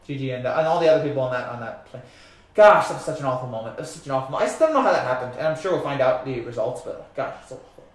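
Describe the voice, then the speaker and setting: A man's voice: medium pitch, lively intonation, very fast, very echoey. A man from New Jersey hosting a live sports stream, rambling through viewer comments with lots of fillers and restarts.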